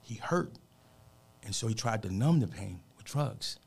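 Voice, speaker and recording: A man's voice: fairly low pitch, lively intonation, measured pace, gravelly, a little mellow, husky. A man who is a motivational speaker, telling an emotional personal story as a radio guest in an earnest, preachy way, often saying "man".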